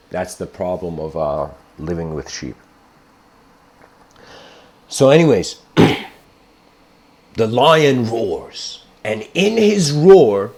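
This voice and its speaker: A man giving a casual spiritual lecture, telling a story in a rambling, animated way with frequent laughs. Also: mid-range voice. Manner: rambling, animated, laughs often, says "you know".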